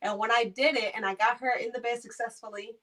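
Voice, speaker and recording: Brief: lively young caregiver woman telling stories, a touch high, mic a bit far off. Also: fast. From Maryland. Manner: animated, acts out voices in her stories. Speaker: caregiver and interview guest. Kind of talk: casual storytelling interview.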